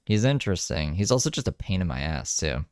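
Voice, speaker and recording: A man's voice: low voice, sing-song, brisk, a little mellow, dry recording, clean studio sound. A man commentating casually over a livestream clip, rambling and profane.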